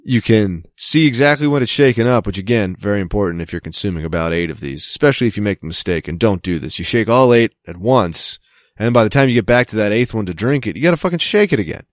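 A man's voice: lowish voice, animated, quick pace, no echo, studio quality. A man co-hosting a podcast, rambling and joking in casual chat, swearing now and then. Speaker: podcast co-host.

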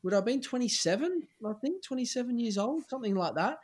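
A man's voice: extremely high pitch, quick pace. An Australian man in his forties, a podcast guest telling candid, rambling stories with casual swearing. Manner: relaxed anecdotal, many fillers, casual swearing. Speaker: podcast guest, former footballer. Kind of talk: candid storytelling chat.

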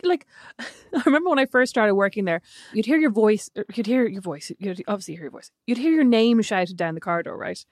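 A woman co-hosting a podcast in casual chat, telling animated stories and swearing freely. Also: medium pitch, a little fast, no echo, clean studio sound. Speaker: podcast co-host.

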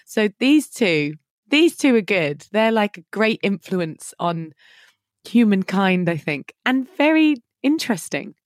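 A woman's voice: mid-range voice, sing-song, measured pace, no echo, studio quality. A woman chatting as a podcast guest, enthusiastic and gushing. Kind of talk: casual chat.

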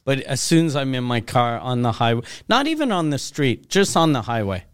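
A man's voice: medium pitch, sing-song, brisk, smooth, no echo, studio quality. A man co-hosting a casual podcast, telling a loose, profane story. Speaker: podcast co-host.

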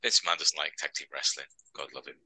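Guy on a podcast, really deep voice, dry close mic, rambly and jokey. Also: steady tone, quick pace, sharp tone, slightly rough, no echo, low-quality recording. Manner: chatty, joking, rambling recaps. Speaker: podcast co-host. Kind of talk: casual chat.

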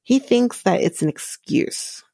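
A woman's voice: fairly high pitch, expressive, measured pace, gravelly, mellow, breathy edge, no room sound. A woman hosting a reality show recap podcast, giving blunt, profane opinions in casual commentary. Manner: blunt, profane, talks through fillers.

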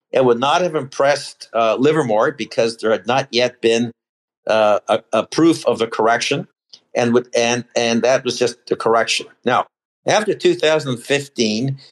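Older male guest, ex-salesman, chatty and digressive about charts, mid-range voice. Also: mid-range voice. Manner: rambling, full of fillers and restarts. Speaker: podcast guest, former institutional equity salesman. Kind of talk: casual chat analysing stock charts.

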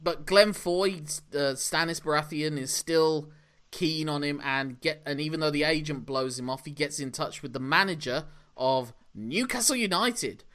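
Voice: medium pitch, normal speed, fairly bright tone. A podcast co-host, recapping a film in casual, sarcastic chat and laughing often. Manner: sarcastic, laughs often, swears in mock frustration.

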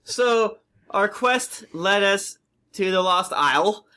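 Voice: medium pitch, animated, slow pace, sharp tone. Casual rambling player giving the recap, lots of fillers. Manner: rambling, laughing, full of fillers. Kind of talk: casual chat.

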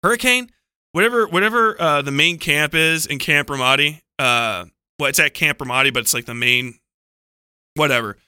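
A man telling a loose, profane story on a podcast, his voice very bright and crisp, slightly above the usual male pitch. He rambles through digressions, restarts and frequent laughter. The sound is close and dry. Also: moderate pace, no room sound. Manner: heavy use of "like" and self-corrections. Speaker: book club podcast panelist. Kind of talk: casual rambling anecdote.

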